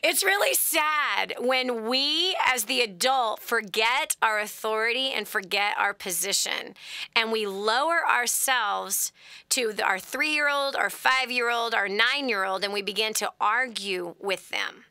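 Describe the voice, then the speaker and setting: Woman host in her forties, high and bright, dry close sound; animated storyteller who drops to whispers. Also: unhurried, smooth, no room sound. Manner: animated storyteller, dramatic swings to hushed whispers. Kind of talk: call-in advice talk.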